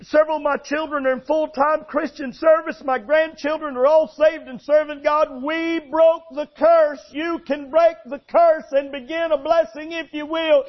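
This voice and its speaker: Pastor voicing an eighty-something preacher, earnest and fired up, husky high voice. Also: male voice, unhurried. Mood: fervent. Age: 80s. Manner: earnest, fervent. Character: elderly male preacher giving his testimony. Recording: dull lo-fi sound.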